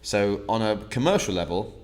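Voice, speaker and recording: A man's voice: fairly low pitch, big pitch swings, moderate pace, a little mellow. A man hosting an online wine tasting, chatting casually and laughing often at his own jokes.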